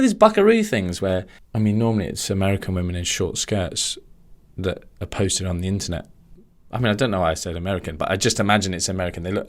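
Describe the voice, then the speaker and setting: Male podcast host, fairly low voice, casual animated rant full of asides. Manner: ranting, animated, swerving into tangents. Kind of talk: casual solo podcast monologue.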